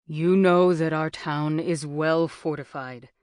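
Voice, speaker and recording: A woman's voice: sits low, takes it slowly, dry recording, clean studio sound. A woman narrator voicing a grave, reassuring father in an ancient town. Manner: grave, steady.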